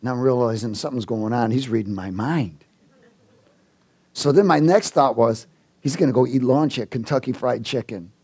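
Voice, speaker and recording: A man preaching a sermon, telling a personal story and acting out the dialogue in it, with halting restarts and chuckles. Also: mid-range voice, breathy edge. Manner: animated storyteller, acts out dialogue.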